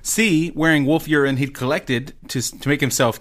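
A man's voice: mid-range voice, brisk, few pauses, a bit bright. A man hosting a casual trivia game on a podcast, reading out questions and answer options with a joking manner. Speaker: quiz host.

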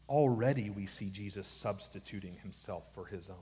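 A man's voice: fairly low pitch, brisk, hardly any pauses. Preaching man in a reverberant hall. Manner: expository preaching, swings from quiet to emphatic; casual asides. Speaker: pastor. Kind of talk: sermon.

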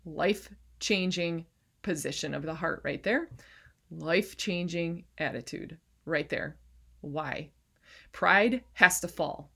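A woman's voice: fairly low pitch, slow, gravelly, fairly bright tone, slightly rough. A woman speaking as a faith-based life coach, sharing an emotional personal testimony in a casual, fervent, preachy way, close to tears, and calling her listeners "you guys" and "baby.".

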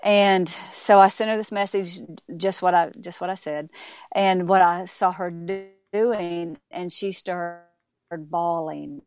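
A woman author and speaker, a guest in an interview, telling stories in a halting way with frequent restarts and fillers. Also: lowish voice, steady tone, soft background music. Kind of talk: casual interview storytelling.

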